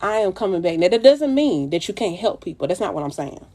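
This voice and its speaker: A woman's voice: fairly low pitch, sing-song, fairly quick, mellow. A woman streaming live and giving her followers a blunt, profane, preachy pep talk. She calls her listeners baby and child. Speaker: makeup artist livestreaming.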